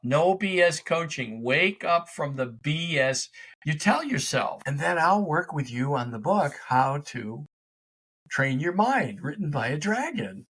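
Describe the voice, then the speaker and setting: Husky, lively-voiced male life coach. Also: fairly high pitch, a little slow. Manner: energetic, emphatic, conversational, talks to his dog mid-show. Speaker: life coach and podcast host. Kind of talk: motivational direct-to-camera talk.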